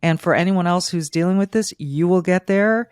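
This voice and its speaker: A woman's voice: on the low side, normal speed, no room sound. Middle-aged woman host, emotional and rambling, dry close sound. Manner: emotional, warm and rambling with restarts. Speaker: podcast host. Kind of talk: interview.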